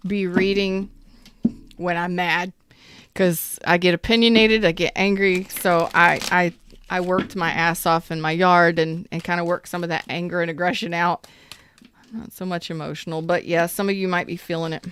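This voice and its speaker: A woman's voice: lowish voice, steady tone, moderate pace, a bit bright, smooth. A woman giving a casual, chatty tarot reading, speaking straight to her viewers in an upbeat, emphatic way. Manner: chatty, addresses viewers directly. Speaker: tarot reader.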